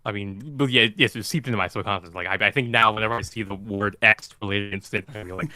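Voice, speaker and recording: Fast-talking man with a low, bright voice. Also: steady tone. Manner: rambling, self-correcting, quick. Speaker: co-host of a manga re-read stream. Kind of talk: casual chat on a voice call. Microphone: voice call.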